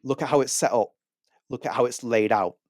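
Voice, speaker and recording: A man's voice: medium pitch, fairly quick, darkish tone, no room sound, clean studio sound. A man co-hosting a podcast, giving rambling, opinionated takes in casual chat. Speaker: podcast co-host.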